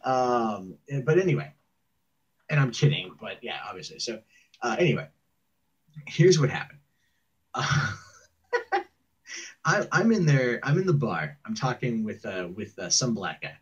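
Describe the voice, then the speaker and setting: A man's voice: mid-range voice, sing-song, a little slow, long pauses, husky. A man telling a long story on a call in a rambling, profane way, often mimicking what others said. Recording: muffled distant secretly recorded call.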